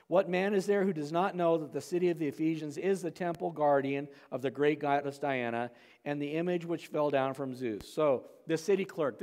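A man's voice: on the high side, darkish tone. A man preaching a verse-by-verse sermon as pastor, talking casually with frequent "okay?" and "right?" asides. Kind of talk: expository sermon. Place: church sanctuary. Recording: long hall reverb.

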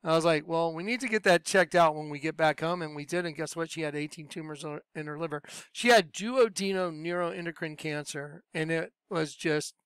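A man's voice: a little fast, few pauses, clear, resonant tone, no room sound. A middle-aged man preaching and telling a personal testimony in an earnest, conversational way. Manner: earnest, conversational, drops to soft low voice when recalling.

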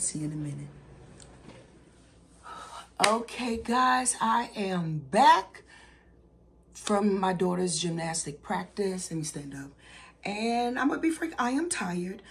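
A middle-aged woman teacher and mom chatting casually to her viewers in an expressive, talkative way. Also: on the low side, slight background noise. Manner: chatty and expressive, addresses viewers warmly as "baby" and "y'all". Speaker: elementary school teacher and mom. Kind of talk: casual vlog chat.

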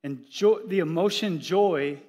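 High-voiced lively man preaching a sermon. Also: unhurried, breathy edge, highs cut off. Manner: lively, joking storytelling with laughs. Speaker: pastor. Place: church.

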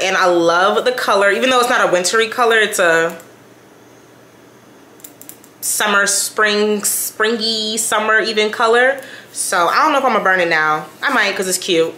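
A young woman talks her way through a shopping haul in a loose, rambling vlog. Her voice has a bright, crisp edge, and she keeps breaking into laughter and slangy asides. The room around her is hollow and echoey. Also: mid-range voice, slight background noise. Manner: colloquial, says "child" and "y'all". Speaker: lifestyle vlogger. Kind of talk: casual chatty haul vlog.

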